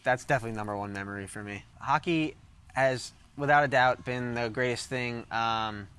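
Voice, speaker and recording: Smooth-voiced man telling hockey stories. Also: medium pitch, moderate pace, a bit bright. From St. Louis, USA. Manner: rambling, filler-heavy, laughs easily. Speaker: interview guest, hockey player. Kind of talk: casual interview storytelling.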